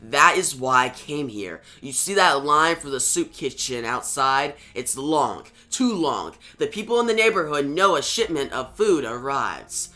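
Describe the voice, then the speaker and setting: A man voicing a brooding young male vigilante, speaking in low, clipped, curt lines. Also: big pitch swings, unhurried, hardly any pauses, bright, forceful tone, exaggerated voice.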